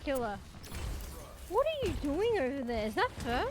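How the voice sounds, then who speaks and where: A woman streaming a game in casual commentary, excitable, yelling for heals, swearing and laughing a lot. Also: high-pitched, moderate pace, noisy background.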